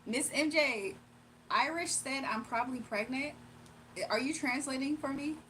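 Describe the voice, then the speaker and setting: Slow-talking, playful woman streamer. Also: high-pitched, sharp tone, a little hiss or hum. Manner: laughs often, reads chat aloud; playful, teasing. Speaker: livestreamer. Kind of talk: casual livestream chat.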